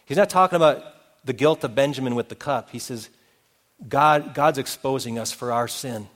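A man's voice: mid-range voice, moderate pace, a bit bright. A middle-aged man preaching a sermon, retelling a story and acting out its characters' voices. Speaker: pastor. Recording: long reverb of a hall.

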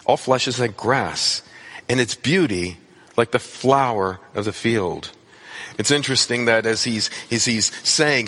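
A man's voice: medium pitch, a bit bright, breathy edge. A man preaching a sermon with earnest, emphatic repetition. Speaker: pastor.

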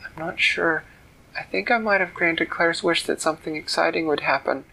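A man's voice: fairly high pitch, normal speed, gravelly, bright, forceful tone, voice pushed up, full character voice, rough recording. A man doing a brave young witch girl. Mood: worried. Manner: eager, raised, calling out. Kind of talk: storybook reading.

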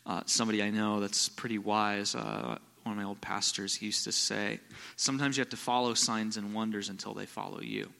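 A man preaching a sermon as a visiting pastor, telling stories and swinging from quiet, low passages to loud, excited bursts. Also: a little fast, vocal fry, big-room sound. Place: church.

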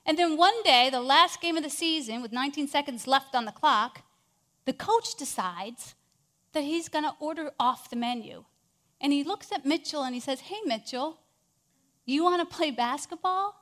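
A woman with a high voice telling an inspirational story in a sermon. She is animated and swings between hushed moments and loud ones. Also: normal speed. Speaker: speaker.

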